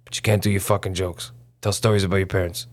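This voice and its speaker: A man doing a gruff, blunt comedy club owner. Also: sits low, flat delivery, fast talker, no echo, close to an everyday voice. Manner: crude, swearing, plain-spoken.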